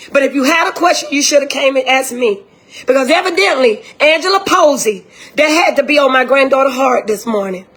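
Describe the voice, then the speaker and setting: Older woman, high-pitched, indignant, impassioned, repeats herself, direct-address video. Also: a bit bright. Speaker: grieving grandmother.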